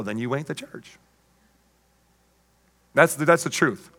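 A man's voice: medium pitch, animated, slow, fairly bright tone. A man preaching a sermon as pastor, emphatic, with call-and-response asides and playful jokes.

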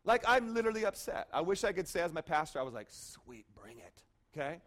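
High-voiced lively male pastor. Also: very fast. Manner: lively, conversational, frequent "okay?" asides. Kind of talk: sermon.

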